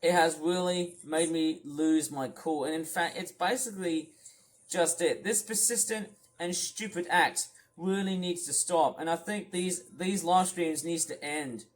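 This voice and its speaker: High-voiced man ranting angrily. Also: steady tone, unhurried. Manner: rambling, repeats himself, restarts sentences; shouts scolding lines. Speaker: commentary ranter. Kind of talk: angry rant over stream footage.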